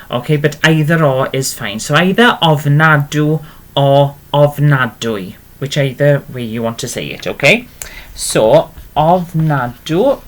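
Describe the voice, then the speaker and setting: A man's voice: mid-range voice, fairly bright tone. A man teaching a beginner language lesson, patient and encouraging, often checking in with "okay?". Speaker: Welsh language tutor.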